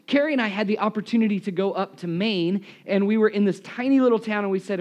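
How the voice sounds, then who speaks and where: A man's voice: high-pitched, fast, few pauses. A man preaching a sermon in a church, telling funny stories about himself, speaking into a live microphone while losing his voice. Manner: animated, self-deprecating storyteller. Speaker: pastor. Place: church, in front of a congregation.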